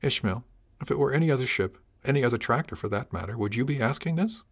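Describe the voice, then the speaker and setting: A man's voice: medium pitch, lively intonation, quick pace. A man voicing a frank, teasing female officer. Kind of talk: audiobook character reading.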